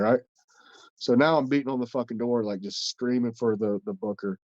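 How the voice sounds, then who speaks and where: A man's voice: medium pitch, fairly even intonation, a little fast, darkish tone, no echo, muffled recording. A man hosting a podcast, telling a story in a casual, rambling way and swearing constantly. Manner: blunt, heavy swearing, rambling. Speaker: podcast host and wrestler.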